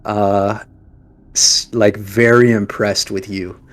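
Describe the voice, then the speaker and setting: A man's voice: lowish voice, flat delivery, takes it slowly. A man narrating a tabletop game as game master, hesitant and full of fillers.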